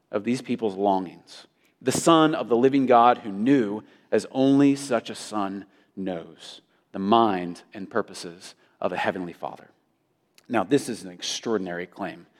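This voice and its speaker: A male pastor preaching an emphatic sermon, with his intensity rising and falling. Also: mid-range voice. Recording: long hall reverb.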